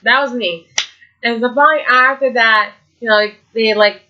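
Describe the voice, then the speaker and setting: A woman hosting a casual vlog, excitedly telling a story with many fillers and acted-out reactions. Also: a little high, moderate pace, highs cut off. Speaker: vlog host.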